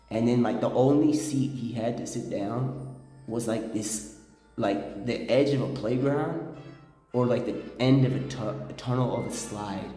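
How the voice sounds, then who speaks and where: A man telling a rambling story to the camera, often dropping into a low, intense tone. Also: moderate pace, mellow, very echoey, big-room sound, faint music behind. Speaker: vlogger.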